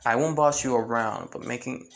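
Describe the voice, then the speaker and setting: Calm, steady young male hero, read by a man in his own voice, firm, mid-pitched. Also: normal speed, slight background noise, natural voice.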